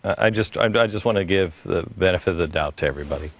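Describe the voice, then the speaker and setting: A man hosting a radio interview, earnest and halting, stopping and restarting his sentences. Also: deep voice, creaky, a little hiss or hum. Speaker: talk show host.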